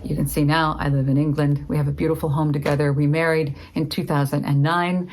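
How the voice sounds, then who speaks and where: A woman's voice: low-pitched, brisk, a little hiss or hum, rough recording. A middle-aged woman casually telling a personal story, acting out both sides of remembered conversations. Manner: lively, acts out both sides of remembered dialogue.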